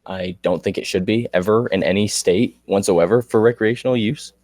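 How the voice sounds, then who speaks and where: A man's voice: lowish voice, moderate pace, darkish tone, dry recording. A man co-hosting a podcast in casual chat, making dry, joking asides. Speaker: podcast co-host.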